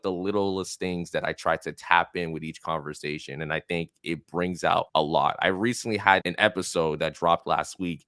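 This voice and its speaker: A young man with a very low, smooth, resonant voice talks as a podcast guest, chatting casually and eagerly with a steady stream of "like" fillers. The recording is dry and close, with no room sound. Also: dry recording. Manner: enthusiastic, heavy use of "like" fillers. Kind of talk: casual interview chat. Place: his own room.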